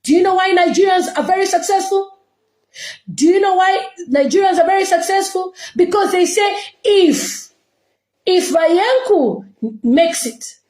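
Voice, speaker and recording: A woman's voice: very high-pitched, a little mellow, echoey room, poor audio. A woman from Zambia, giving an impassioned, scolding reaction rant full of rhetorical questions. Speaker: online commentator.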